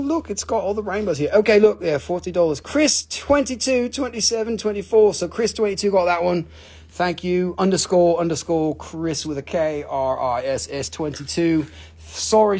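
High-ish husky guy, half aussie half northern english accent, rambly and sweary selling rocks on a live stream. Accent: mixed Australian and Northern English. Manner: excitable, swears freely, rambling. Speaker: live-stream crystal seller. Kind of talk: casual live sales stream.

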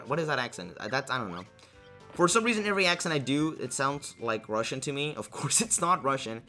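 A man's voice: mid-range voice, big pitch swings, a little fast, pushed and bright, soft background music. A young man casually commenting while playing a video game, rambling and joking about himself, with lots of fillers. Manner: rambling, self-deprecating, many fillers and restarts. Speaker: let's play host.

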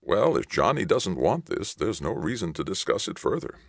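Deep-voiced male reader doing a chummy, smooth small-town mayor, close dry sound. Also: very animated, moderate pace, no echo, exaggerated voice. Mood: soothing. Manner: soothing, jovial politician. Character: mayor, friendly, smooth-talking middle-aged man.

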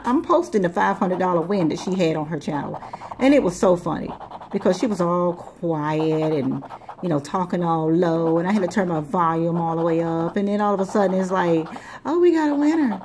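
A woman's voice: fairly low pitch, normal speed, darkish tone, a little hiss or hum. Chatty woman scratching lottery tickets. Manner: chatty, rambling, repeats words. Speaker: lottery scratch-off channel host. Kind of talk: casual chat while scratching tickets.

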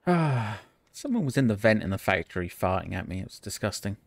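A man's voice: on the low side, sing-song, brisk, no room sound, studio quality. A man streaming a social deduction game with friends, joking and laughing a lot. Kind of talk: casual gaming chat.

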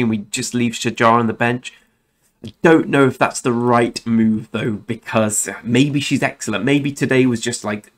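A young man hosting a gaming channel, talking casually and rambling through game commentary, often correcting himself and swearing now and then. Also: mid-range voice. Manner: rambling, self-correcting, chatty with mild swearing.

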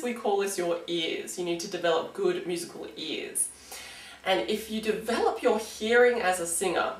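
A woman's voice: medium pitch, echoey room, far from the mic, poor audio. An Australian woman giving a casual singing lesson, chatty and encouraging, with frequent "um"s. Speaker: singing teacher.

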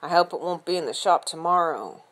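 A woman voicing a tired mother who speaks briefly and in a gently firm way. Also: lowish voice, expressive, brisk. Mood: weary. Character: tired, patient mother of four.

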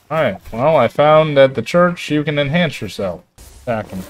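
Excitable man narrating his gameplay. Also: mid-range voice. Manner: excitable, talks to his creatures, yelps when chased. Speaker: gamer. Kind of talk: live gameplay commentary.

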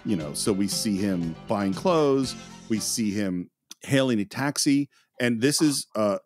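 A man's voice: lowish voice, expressive, measured pace, music in the background. A man hosting a casual film podcast, enthusiastically retelling scenes and laughing often. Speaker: podcast host.

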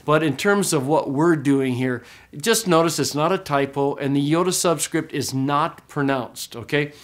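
A man teaching a recorded class, explaining step by step, often checking in with "okay?", and slowing way down to model pronunciations. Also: a little high. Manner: slow, drawn-out demonstration of pronunciations. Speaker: Greek teacher.

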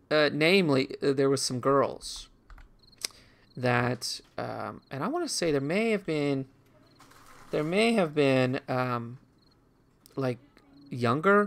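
Slightly high, creaky, and pushed bright, this man's voice carries a rambling, reflective tale from his childhood. Hosting a gaming channel, he chats casually, restarts often, and drops asides about the game in progress.

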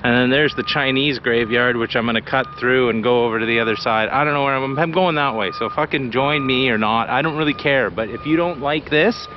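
A man from British Columbia talking to his camera while walking outdoors, blunt, excitable and full of swearing. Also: mid-range voice, fairly quick, few pauses, lo-fi sound, background noise. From British Columbia, Canada. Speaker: vlogger. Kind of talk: casual walking vlog. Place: outdoors by a city beach.

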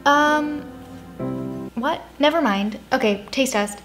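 A woman's voice: high voice, takes it slowly, echoey room, music in the background. A young adult woman hosting a casual home cooking vlog, sarcastic and self-mocking as she talks through the recipe. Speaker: cooking vlogger. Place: home kitchen.

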